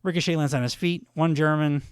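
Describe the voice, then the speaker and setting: A man's voice: on the high side, steady tone, a little fast, clean tone, no echo. Rambling solo podcast man, dry mic. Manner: rambling, lots of fillers and self-corrections. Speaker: podcast host. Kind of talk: casual solo recap.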